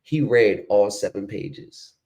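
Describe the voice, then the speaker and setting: A man's voice: on the low side, slow. A man hosting a casual commentary chat, telling stories and acting out the people he quotes. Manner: animated storytelling, acts out quoted people. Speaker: host.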